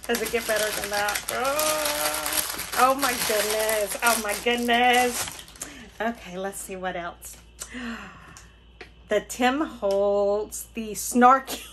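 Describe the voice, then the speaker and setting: Woman, gasping, effusive, slightly high pitch, slow pace, casual craft unboxing vlog. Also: slight background noise, rough recording. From Florida, USA. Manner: gushing, excitable, gasping, repeats "oh my gosh". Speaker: craft channel host.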